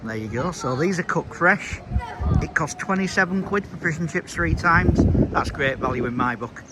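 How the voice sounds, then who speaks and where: A man's voice: a little high, expressive, moderate pace, very noisy. A man, chatting to viewers in a casual travel vlog and calling them folks and guys. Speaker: vlogger.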